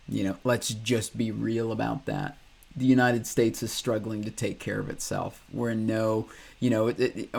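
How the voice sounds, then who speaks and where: A man's voice: medium pitch, creaky. A man hosting a reaction video, ranting casually with frequent swearing, restarts and laughs. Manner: profane, rambling, laughs often. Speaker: ex-Christian reaction host.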